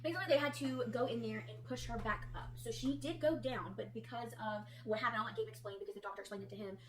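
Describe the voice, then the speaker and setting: A woman's voice: a little high, fairly even intonation, quick pace. A young woman, a new mother, retelling her birth story in a rambling, anxious way, close to tears. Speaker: new mother in a family vlog. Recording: roomy recording with loud hum.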